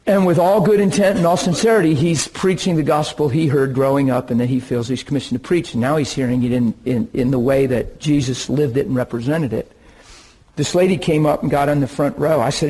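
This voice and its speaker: Husky-voiced man preaching a story. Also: fairly high pitch, fast, rough recording. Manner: animated, laughs and bursts into excitement while recounting. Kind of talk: sermon storytelling.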